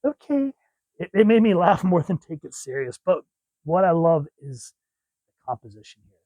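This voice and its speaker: A man's voice: on the high side, lively intonation, moderate pace, mellow, no echo, rough recording. A man reviewing comic books in a casual, rambling and enthusiastic way. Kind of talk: casual chat.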